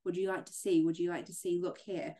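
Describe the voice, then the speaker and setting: A woman's voice: lowish voice, flat delivery, a little fast, natural voice. A woman reading as a menacing possessive masked man. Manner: read aloud from a novel, louder and sharper.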